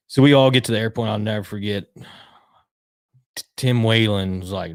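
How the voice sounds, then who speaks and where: A man telling a lively story in casual talk, acting out what people said and swearing casually. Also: medium pitch, brisk, no echo, clean studio sound. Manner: animated, acts out quotes, swears casually. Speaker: retired pit crew member, guest.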